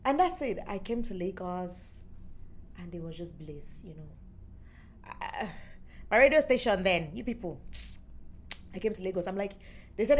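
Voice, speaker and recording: A young adult woman with a Nigerian accent, telling her story as an interview guest in lively, playful chat and acting out the voices of others. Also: medium pitch, normal speed, long pauses, slight background noise. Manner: animated, playful storyteller who acts out quotes. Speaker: musician and former radio presenter, interview guest.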